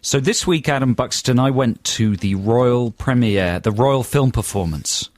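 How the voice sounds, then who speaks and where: A mid-pitched English man rambles through a self-mocking anecdote on a radio show. His voice is close and dry, recorded in a studio with no room sound. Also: a little slow, dry recording. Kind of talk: casual radio banter. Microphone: studio microphone.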